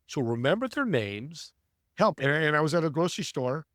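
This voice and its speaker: Upbeat male guest, acts out anecdotes, higher-pitched, dry booth sound. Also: normal speed, no room sound. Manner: animated, acts out voices in anecdotes. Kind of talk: storytelling interview talk.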